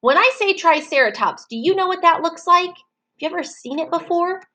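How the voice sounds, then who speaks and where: On poor-quality audio, a very high-pitched, sharp-toned woman animatedly guides preschoolers in a virtual circle time. She keeps her delivery slow and encouraging, elongating words so the children can clap along to each syllable.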